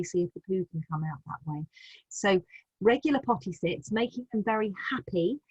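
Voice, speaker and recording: British woman, patient advisor, gentle explaining, breathy tone, dry close sound. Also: mid-range voice, no room sound, lo-fi sound. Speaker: continence advisor. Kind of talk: live online advice session.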